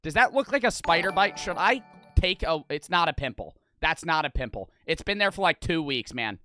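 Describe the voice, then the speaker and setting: A young man streaming live, reacting to videos and reading out donations in a loud, blunt, heavily profane way, often breaking into awkward laughter. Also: a little high, expressive, normal speed, faint music behind.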